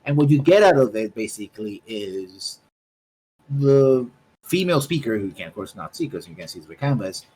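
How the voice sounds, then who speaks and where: A man's voice: mid-range voice, very animated, normal speed, dark tone, a little hiss or hum, rough recording. A man running a tabletop game, describing scenes in a rambling way with many restarts. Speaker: game master.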